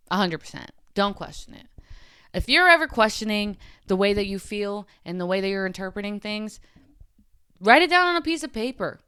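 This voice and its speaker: A woman talks straight into her camera, hosting her own podcast in an earnest, emotional monologue full of "like" fillers and half-finished thoughts. Her voice is smooth and clear at a middling pitch. The recording is close and completely dry. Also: fairly bright tone, no room sound. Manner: earnest and emotional, with frequent "like" fillers and trailing restarts. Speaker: podcast host. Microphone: camera mic.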